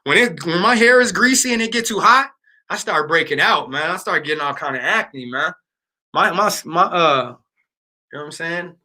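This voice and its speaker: High, bright-voiced man chatting on a livestream. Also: expressive, moderate pace. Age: 30s. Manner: loose, storytelling, lots of fillers and slang. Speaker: livestream host. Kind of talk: casual livestream chat with viewers.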